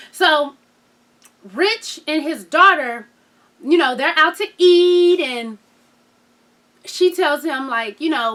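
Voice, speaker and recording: A woman's voice: high voice, pushed and bright. A woman in her thirties recapping a reality TV episode in casual, slangy chat, laughing and acting out quotes. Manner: sassy, slangy, laughs often, acts out quotes.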